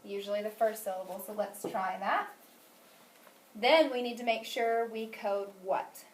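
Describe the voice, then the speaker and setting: A woman's voice: medium pitch, steady tone, measured pace. A woman teaching a phonics lesson, asking questions and praising answers patiently. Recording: echoey room, mic at a distance.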